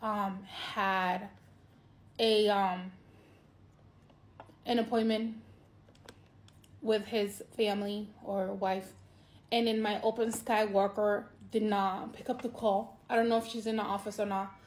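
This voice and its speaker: A woman talking in a personal vlog monologue, emotional and near tears, halting and repeating herself, her voice jumping up when she is moved. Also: medium pitch, level tone. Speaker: vlogger.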